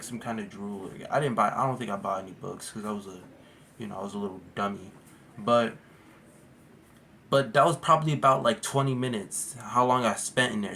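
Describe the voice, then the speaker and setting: A man talks straight to camera in a loose storytime vlog. He rambles, restarts, and fills his speech with slang like "bro" and "like". His pitch sits in an ordinary middle register. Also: fairly bright tone, slight background noise. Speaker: vlogger. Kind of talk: casual storytime monologue.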